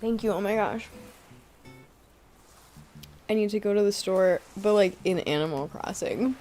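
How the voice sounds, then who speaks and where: A soft-spoken woman streamer chatting casually while eating and gaming, murmuring between bites. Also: mid-range voice, a little slow, long pauses, faint music behind.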